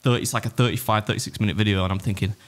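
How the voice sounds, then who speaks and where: Fast-talking English man, low voice. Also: fairly even intonation, fairly bright tone. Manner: rambling, self-interrupting storyteller. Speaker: podcast co-host and video creator. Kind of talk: casual podcast chat.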